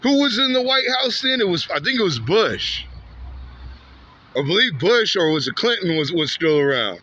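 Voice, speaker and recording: A man from Santa Ana, California, vlogging as he walks a street outdoors, tells a story in a high-pitched, sing-song voice at normal speed, bright and forceful, though the audio is dull. He rambles, repeats, and gets heated, frequently ending with "man" or "bro."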